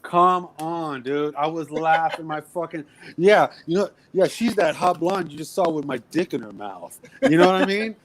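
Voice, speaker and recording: A man co-hosting a casual podcast chat, his voice sitting a little high for a man. He talks in an animated, profane rush and keeps acting out movie lines as he goes. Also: normal speed. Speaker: podcast co-host.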